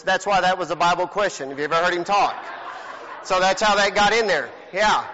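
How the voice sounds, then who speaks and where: Hosting a playful trivia game in the church sanctuary, a pastor teases and jokes with the congregation in a high, pushed, bright voice at a normal pace. There's slight background noise, a long hall reverb, and a dull lo-fi quality.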